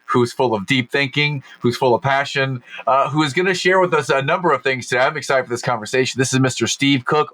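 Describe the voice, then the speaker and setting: Guy hosting a podcast, upbeat and enthusiastic, medium-pitched voice. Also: a bit bright. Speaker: podcast host.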